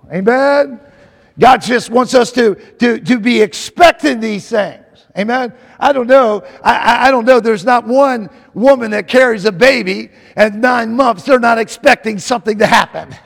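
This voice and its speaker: High-voiced, gravelly preacher in a hall. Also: male voice. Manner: emphatic, repetitive, calls out to the congregation. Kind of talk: sermon.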